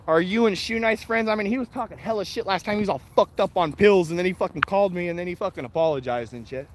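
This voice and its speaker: Walking his dogs in the morning, this vlogger reads and responds to chat in a fast, high voice, rambling bluntly with plenty of profanity and frequent laughter. His easygoing chatter comes through with a little hiss or hum.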